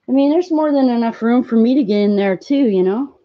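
A woman hosting a casual live stream, cooing at her pet in high baby talk between plain explanations. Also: big pitch swings, normal speed, mellow, dull audio.

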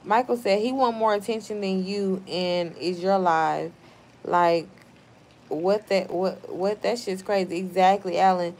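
A woman's voice: medium pitch, unhurried, darkish tone, a little hiss or hum. Blunt young woman live-streaming outdoors. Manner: blunt, swears freely, talks back to trolls. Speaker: livestream host reading chat. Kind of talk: casual live-stream chat. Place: outdoors at home, evening.

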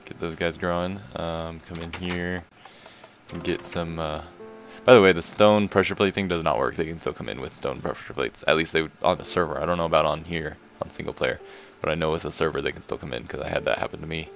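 A man giving casual, rambling commentary while playing a game, excitable and laughing often. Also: very deep voice, a little fast, creaky, soft background music. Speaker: gaming video creator.

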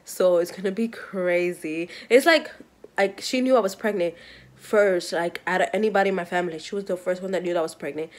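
A pregnant woman in her thirties from New York, chatting excitedly to camera in a rambling, giggly way. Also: lowish voice, fairly quick. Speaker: vlogger, mother of five. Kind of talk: casual vlog chat to camera.

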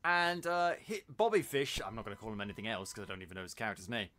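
A man hosting a podcast, reviewing a film in casual chat, exasperated and ranting with quick asides. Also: on the low side, fairly bright tone. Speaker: podcast host.

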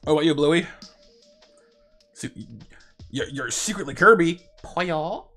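Bright-voiced chatty gamer man. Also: a little slow, faint music behind. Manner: chatty, stutters and repeats words, bursts into high excited yelps. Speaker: streamer playing with viewers. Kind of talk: casual live-stream chat over gameplay.

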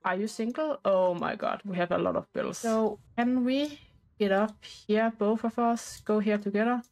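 A woman's voice: medium pitch, moderate pace, darkish tone, low-quality recording. A woman casually narrating a life-sim game playthrough in a rambling, talkative way with loose grammar. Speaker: gameplay narrator.

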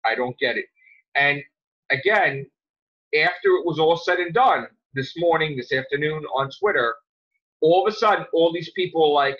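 A man hosting a podcast, ranting angrily with lots of swearing and sudden loud outbursts. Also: a little high, moderate pace. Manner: heated, profane, jumps to loud outbursts. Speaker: podcast host. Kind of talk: angry podcast rant. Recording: dull lo-fi sound.

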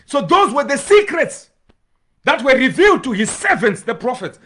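A male pastor delivering a fiery sermon in a husky, fairly high voice. His pitch leaps and falls in wide swings as he moves from shouted proclamations down to near-whispered pleas. Now and then he breaks into speaking in tongues. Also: sing-song, moderate pace. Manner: preaching with rising shouts and tongues, swings from loud to hushed.

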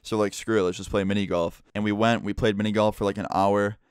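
A young man casually telling a story to his vlog audience, relaxed and chatty with plenty of "like" fillers. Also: fairly low pitch, quick pace, clear, resonant tone, dry recording, studio quality. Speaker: vlogger.

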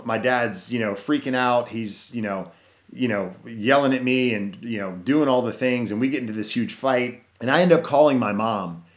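A man telling his life story as a podcast guest, earnest and rambling, with many "you know" fillers and restarts. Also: mid-range voice. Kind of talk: personal testimony in casual conversation. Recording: roomy echo.

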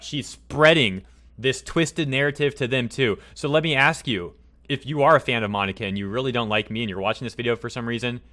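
A man's voice: medium pitch, a bit bright. A man hosting a commentary vlog, ranting heatedly and repeating his points for emphasis. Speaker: commentary channel host.

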